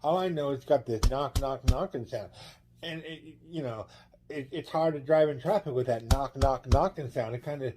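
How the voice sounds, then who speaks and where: A man's voice: mid-range voice, moderate pace, crowd noise, lightly acted. A man voicing a fussy middle-aged caller who drones on, repeating himself. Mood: fretting. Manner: repetitive, droning.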